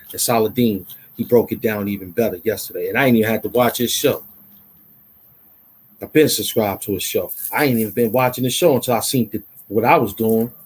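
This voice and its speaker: A man hosting an online commentary show, ranting in a loud, mocking, animated way and repeating himself for emphasis. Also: medium pitch, breathy edge. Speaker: YouTube commentary host.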